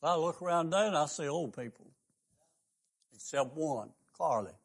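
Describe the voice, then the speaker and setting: An older man with a drawl delivers a radio sermon. His fairly high voice climbs on emphatic, repeated questions, and he talks in the fervent manner of a country preacher. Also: expressive, moderate pace, slightly rough. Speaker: pastor and radio host.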